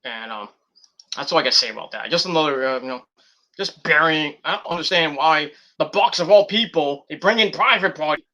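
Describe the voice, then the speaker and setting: Guy ranting about wrestling, kinda high voice, swears a lot, rambly. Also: fairly quick, sharp tone. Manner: rambling, profane and exasperated. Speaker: wrestling show reviewer. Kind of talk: casual rant review.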